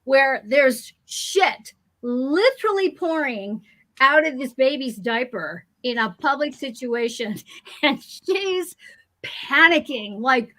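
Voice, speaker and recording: Woman, animated storyteller, high and bright voice. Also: a little slow. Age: adult. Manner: animated, acts out panicked voices in her stories. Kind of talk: casual storytelling chat.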